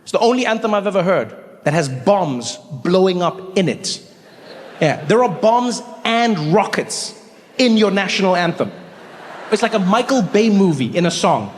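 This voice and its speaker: A man in his forties performing a stand-up comedy set, bantering with the crowd and jumping into high, shouting voices for imagined people. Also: sing-song, normal speed. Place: large theater stage. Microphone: handheld stage mic. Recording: live stage mic in a large reverberant venue with faint audience noise.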